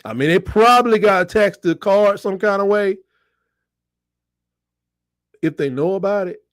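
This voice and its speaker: Expressive and measured, a middle-aged man hosts an easygoing sports livestream where he jokes, reads chat comments, and lets out high squeals. The audio is studio quality with no echo.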